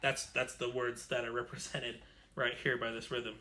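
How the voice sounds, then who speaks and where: A man's voice: mid-range voice, level tone, normal speed, background noise. A man teaching an online string orchestra lesson, chatty and explanatory, correcting himself as he goes. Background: violin playing.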